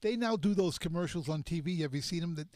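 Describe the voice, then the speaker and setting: Male co-host, high voice, chatty, dry studio mic. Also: lively intonation, fast, darkish tone, no echo. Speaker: radio co-host. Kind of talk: casual radio studio chat.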